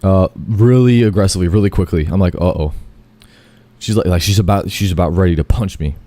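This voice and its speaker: A man's voice: sits low, fast talker, mellow, no echo. A man telling a long, rambling first-person story, full of fillers, self-corrections and casual swearing.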